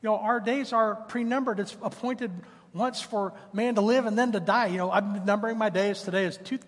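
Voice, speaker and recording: A man in his fifties delivers a sermon with a high-pitched, husky voice. He moves between scripture and chatty personal stories. His words ring out with the long reverb of a church hall. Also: steady tone, fairly quick. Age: 50s. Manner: conversational preaching mixed with personal stories. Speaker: pastor. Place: church sanctuary.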